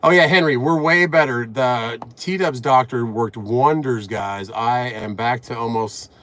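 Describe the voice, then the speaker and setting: A middle-aged man sits in his truck cab, live-streaming from a phone mounted on the dash, and sounds slightly out of breath as he greets viewers and chats casually. His mid-range voice has a fairly bright tone and a measured pace, with slight background noise. He reads viewer comments aloud in an upbeat, chatty way.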